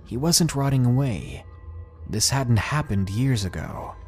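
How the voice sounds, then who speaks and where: Man doing a raspy old great-uncle. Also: medium pitch, sing-song, a little mellow, faint music behind. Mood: grim. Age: older. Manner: slow, blunt and snappish. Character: old grizzled great-uncle, gruff, chain-smoking.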